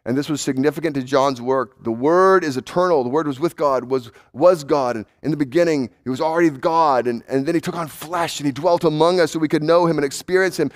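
An emphatic male pastor delivering a sermon with a slightly high voice. He swings from raised urgency down to hushed, low intensity and repeats words for emphasis. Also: fairly quick, few pauses.

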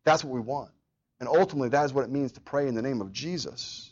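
A man's voice: mid-range voice, fast talker, husky, muffled recording. A man preaching a sermon as pastor, earnest, often repeating words and acting out quoted prayers.

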